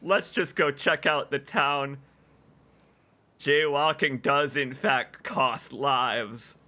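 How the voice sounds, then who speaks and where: A man streaming a video game, commenting excitedly and emotionally, gushing and laughing often. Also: mid-range voice, slow. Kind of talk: let's play commentary.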